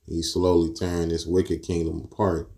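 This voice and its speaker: A man with teaching scripture in a casual street style, mixing verses with profane stories and rising loud and high when outraged. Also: flat delivery, normal speed, creaky. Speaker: preacher.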